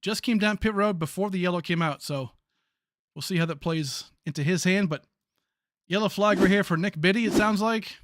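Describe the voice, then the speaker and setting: A man with a high, light voice calling a sim truck race play-by-play. He talks in a chatty, excitable way, full of fillers and quick reactions to the action. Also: dry recording, studio quality. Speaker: sim racing play-by-play commentator. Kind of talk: live race commentary.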